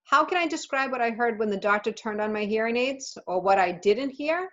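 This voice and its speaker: A woman teacher reading a children's novel aloud to her class in a steady storytelling voice. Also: fairly high pitch, a little fast. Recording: slightly muffled recording.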